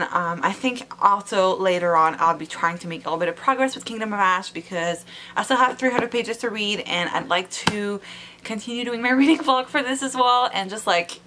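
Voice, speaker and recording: A woman's voice: mid-range voice, sharp tone, slight background noise. Chatty young woman vlogging. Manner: chatty, frequent ums and likes. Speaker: book vlogger. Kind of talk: casual reading vlog.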